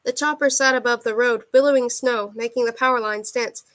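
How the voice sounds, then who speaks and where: A woman's voice: a little high, fairly even intonation, brisk, fairly bright tone. Woman reading a novel aloud. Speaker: audiobook reader.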